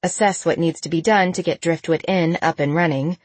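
A woman narrating a novel as an audiobook, in a steady, even storytelling manner. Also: fairly low pitch, brisk, no room sound. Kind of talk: scripted narration.

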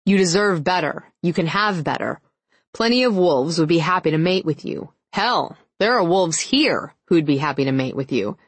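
A man's voice: a little high, lively intonation, moderate pace, a bit bright, dry recording. A woman reading the lines of a stern, protective older male werewolf uncle in an audiobook, blunt and disapproving. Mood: insistent.

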